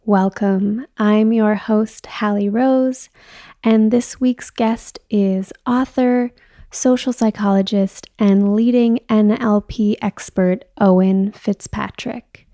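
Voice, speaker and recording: Woman podcast host, medium pitch, upbeat and enthusiastic, dry close-mic sound. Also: fairly even intonation, slow, mellow, no room sound. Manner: upbeat, enthusiastic, laughs easily. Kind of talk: scripted intro and casual interview. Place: New York.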